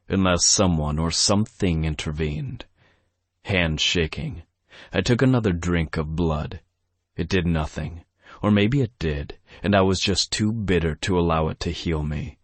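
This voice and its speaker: A man narrating a first-person romance audiobook in a brooding, steady way on a close studio mic. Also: deep voice, no room sound.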